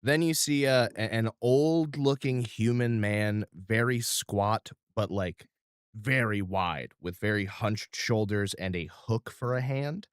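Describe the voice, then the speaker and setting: A man's voice: fairly low pitch, takes it slowly, clear, resonant tone, dry recording, studio quality. A man narrating as game master in a loose, descriptive way, with fillers.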